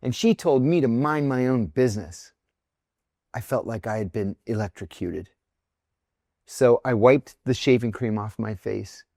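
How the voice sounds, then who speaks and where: Middle-aged guest, storyteller, mid pitch, dry close mic, animated quoted voices. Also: male voice, a little slow, vocal fry, dry recording. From near Pittsburgh, United States. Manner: vivid anecdotes, acts out quoted voices. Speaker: podcast guest, former intelligence officer. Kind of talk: candid storytelling in conversation.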